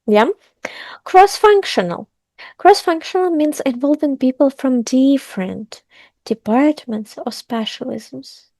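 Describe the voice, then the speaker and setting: Upbeat high-voiced woman teacher. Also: slow pace, no room sound. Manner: upbeat, lively, stresses key words. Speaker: English teacher. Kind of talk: online English lesson.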